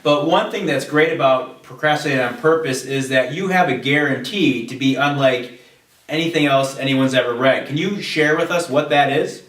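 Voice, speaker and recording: A man co-hosting a podcast, asking the guest questions in a polite, measured way, recorded in a roomy space away from the mic. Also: medium pitch, a bit bright. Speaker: podcast co-host. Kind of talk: interview questions. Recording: roomy echo, distant mic.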